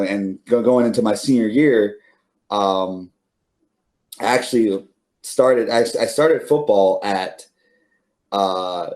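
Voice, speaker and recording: A man's voice: fairly low pitch, darkish tone. A middle-aged man, an interview guest, telling stories casually with many fillers and restarts, laughing now and then. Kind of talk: casual storytelling.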